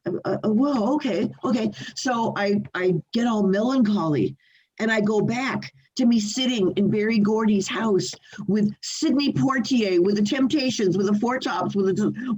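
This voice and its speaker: An older woman speaks from her home over a video call, telling an animated story with frequent laughs and false starts. Her pitch sits in the middle for a woman. The audio is dull and lo-fi. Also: normal speed, husky. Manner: animated, laughing, restarts often. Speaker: singer, interview guest. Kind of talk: storytelling in a remote interview.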